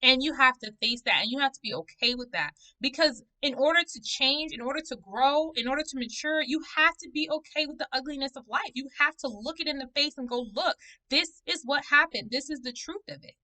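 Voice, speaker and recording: Woman vlogger, high and bright voice, animated, conversational, a little preachy. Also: brisk, hardly any pauses, rough recording. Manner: animated, conversational, preachy storytelling with playful asides. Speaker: vlogger reviewing a book. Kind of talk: casual personal vlog talk.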